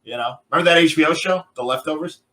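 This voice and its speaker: Joking man with a bright voice. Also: on the high side, quick pace, low-quality recording. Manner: joking, drops into character voices. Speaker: podcast host. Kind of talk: casual chat.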